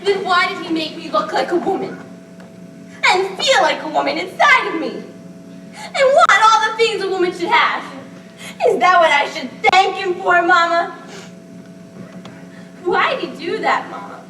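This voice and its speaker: A woman playing a fragile, childlike grown daughter whose very high voice swings widely as she pleads and breaks. She is heard from far off in an echoey hall. A clear hiss sits under everything. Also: animated, a little fast, hardly any pauses. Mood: desperate. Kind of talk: amateur stage acting.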